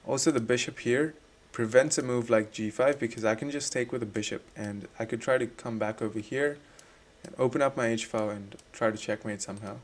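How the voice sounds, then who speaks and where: A man reviewing one of his own chess games, explaining his moves step by step in a relaxed voice-over. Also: mid-range voice, fairly quick, a little hiss or hum. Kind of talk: casual game commentary.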